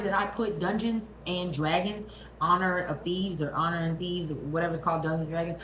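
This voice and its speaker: A woman's voice: lowish voice, fairly quick. A woman hosting her own channel, ranting casually and profanely about a movie while checking in with the viewer. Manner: animated, profane, talks straight at the viewer. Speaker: vlog host. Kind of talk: casual movie review rant. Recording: roomy echo.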